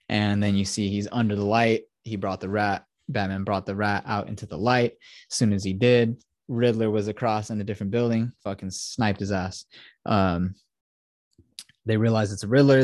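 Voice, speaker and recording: Young guy on a podcast retelling a movie plot, swears a lot, lowish voice, dry sound. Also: a little mellow, no echo. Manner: rambling, profane plot retelling. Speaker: podcast host. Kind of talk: casual chat.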